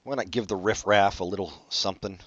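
A man's voice: lowish voice, brisk, fairly bright tone, no echo. A man co-hosting a casual late-night podcast chat, joking and punning as he rambles. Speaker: podcast co-host. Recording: dull lo-fi dry recording.

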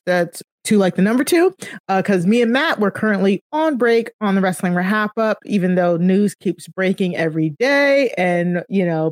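A woman co-hosting a podcast runs through her plugs in a relaxed, run-on flow. Her voice sits at a middle pitch. The recording is dry and close, with no room around it. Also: no echo. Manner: easygoing, quick run-on plugs. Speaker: podcast co-host. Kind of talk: casual podcast chat, plugging socials.

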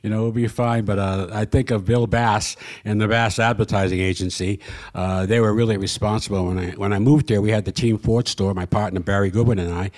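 Older man, Boston accent, low voice, talkative radio guest, frequent fillers. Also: fairly even intonation, brisk, a little mellow. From Massachusetts. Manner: chatty, many fillers and restarts. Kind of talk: casual radio interview.

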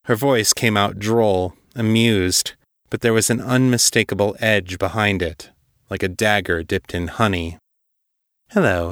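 A man with a fairly low voice narrates fiction at a steady, measured pace. The sound is dry and close, with no room around it. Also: no echo. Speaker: story narrator. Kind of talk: audiobook-style fiction narration.

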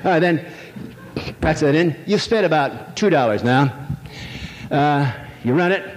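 A man lecturing live from a stage, wandering from point to point with a wry, irreverent edge. His voice sits a little high for a man and rings out with a long hall tail, over a faint hiss. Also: animated, measured pace.

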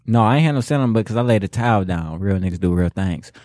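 A man's voice: lowish voice, lively intonation, fast talker, darkish tone, no room sound, clean studio sound. A man co-hosting a casual podcast chat, telling stories in a laid-back, slangy way and laughing often. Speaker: co-host.

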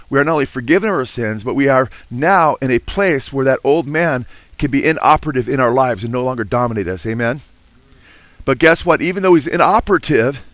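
A man's voice: medium pitch, a bit bright, no room sound. A middle-aged man preaching a sermon, earnest and building in intensity, punctuating his points with "amen". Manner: earnest preaching with frequent "amen" and rising emphasis. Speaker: pastor.

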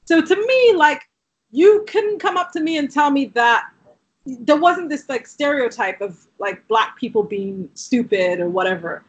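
A woman who grew up in Southeast London, with an accent shaped by later years in Canada, telling her story in casual conversation, with lots of "like" fillers and quick asides. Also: high voice, lively intonation. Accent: London English, shifted by years in Canada. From Southeast London, England.

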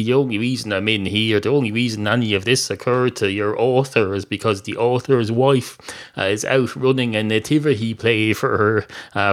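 A man's voice: fairly low pitch, close to an everyday voice. A man voicing a cheeky, sardonic talking cat at the nativity, talking in a flippant, rambling way with rude asides, in improvised comic storytelling.

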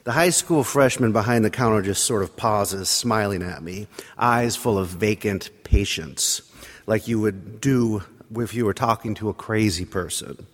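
A man's voice: on the low side, measured pace. A man preaching in a church, telling a wry, self-deprecating personal story. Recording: long hall reverb.

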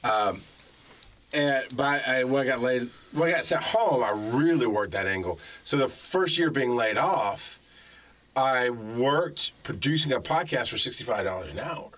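Animated, swearing man telling stories. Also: mid-range voice. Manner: animated, profane storytelling. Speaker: podcast guest. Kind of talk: casual chat.

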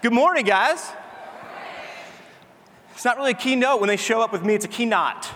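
A man's voice: sits high, racing, a bit bright. A man hosting a live keynote, telling self-deprecating jokes and a little out of breath. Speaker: host. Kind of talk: live stage comedy bit. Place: large conference hall. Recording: echoey hall with faint noise.

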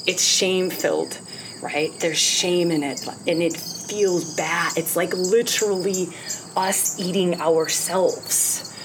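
A woman's voice: lowish voice, fairly even intonation, slow pace, background noise. Impassioned woman with crickets chirping behind. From United States. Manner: impassioned, emphatic, swears freely. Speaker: podcast host. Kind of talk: spiritual podcast monologue.

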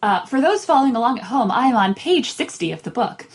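A woman's voice: a little high, quick pace, few pauses. A woman co-hosting a podcast, chatting casually and expressively about a film scene. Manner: expressive, emotional. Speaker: podcast co-host. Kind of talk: casual chat.

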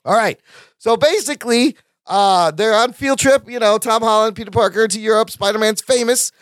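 Male podcast host, high lively voice, excitable, cursing often, dry close sound. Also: moderate pace, clean tone, dry recording. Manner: animated, excitable, swears freely. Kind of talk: casual chat.

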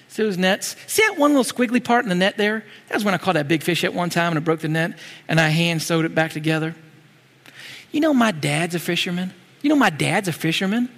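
A man's voice: sits high, sharp tone, full character voice. A male preacher playing an irritated, proud fisherman who is explaining himself in an echoey hall.

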